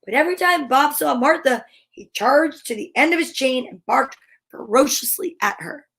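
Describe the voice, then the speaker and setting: A woman's voice: high-pitched, animated, moderate pace, fairly bright tone. A woman hosting a storytime, reading a picture book aloud in a playful way with comic asides. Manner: playful, chuckling at her own reading. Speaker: storytime host.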